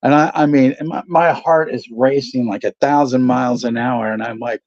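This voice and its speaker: Gravelly man telling a story. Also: mid-range voice, steady tone, moderate pace, hardly any pauses, darkish tone. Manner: rambling storyteller, swearing, laughing often. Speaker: channel host. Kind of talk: casual livestream chat. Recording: dull lo-fi stream audio.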